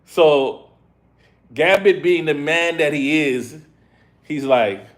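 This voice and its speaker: A man giving a casual live review of an episode, retelling scenes in an excitable, slangy way. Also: fairly high pitch, slow, long pauses. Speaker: show reviewer.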